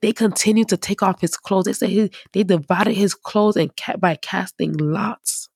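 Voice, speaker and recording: A woman preacher giving casual, emphatic Bible teaching in a conversational, animated way. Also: mid-range voice, normal speed, gravelly, breathy edge, dry recording, clean studio sound.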